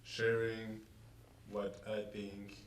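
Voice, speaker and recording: Zögernder tiefer Mann, ferner Raum. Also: male voice, lowish voice, monotone, very slow, roomy sound, distant mic, noisy background. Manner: hesitant, searching for words. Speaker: guest producer and DJ. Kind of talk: casual chat.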